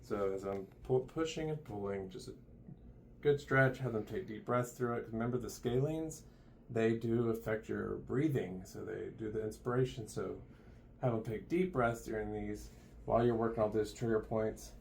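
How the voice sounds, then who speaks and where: Gravelly-voiced man teaching massage. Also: fairly low pitch, normal speed, a little mellow, slight background noise. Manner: casual, loose, chuckling asides. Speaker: massage therapist. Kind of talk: hands-on instructional demo. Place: massage room.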